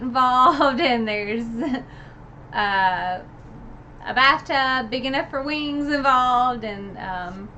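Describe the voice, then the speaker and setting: A woman's voice: mid-range voice, a bit bright, slight background noise. A woman giving a casual, gushing book recap, full of "like" and "um". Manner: gushing, filler-heavy with many "like" and "um". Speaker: book reviewer.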